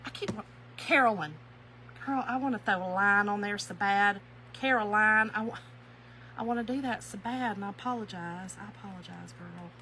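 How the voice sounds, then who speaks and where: A woman with a Kentucky drawl talks viewers through a craft project. She says y'all a lot and laughs easily. Her voice is bright, sits at an ordinary pitch, and has a faint hum behind it. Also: fairly quick, low-quality recording. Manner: folksy, warm-hearted chatter, often says y'all, laughs easily. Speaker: craft live-stream host. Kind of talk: chatty craft tutorial, reading viewer comments.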